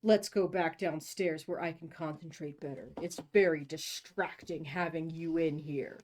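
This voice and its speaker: A woman reading aloud as a controlling wealthy young man, speaking low and deliberately. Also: steady tone, darkish tone, slight background noise. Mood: coolly commanding.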